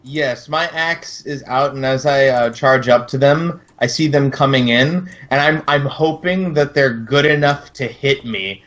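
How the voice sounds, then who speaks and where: A man's voice: medium pitch, a little slow, few pauses, fairly bright tone. A man playing in a tabletop role-playing game, describing his character's moves hesitantly with many fillers. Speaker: player. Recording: dull lo-fi sound.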